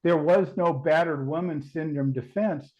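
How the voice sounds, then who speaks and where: A man's voice: on the high side, normal speed, lo-fi sound. A man talking as a podcast guest, thoughtful and full of restarts and hedges. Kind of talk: casual podcast chat.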